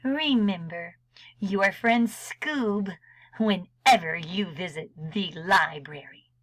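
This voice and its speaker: A woman librarian reading a storybook aloud to children, expressive and unhurried, dropping into soft whispers now and then. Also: on the low side, no room sound, low-quality recording.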